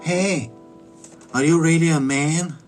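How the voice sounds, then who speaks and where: A man voicing a naive, excitable young woman who talks in a high, eager, stammering way, with music behind. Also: slow.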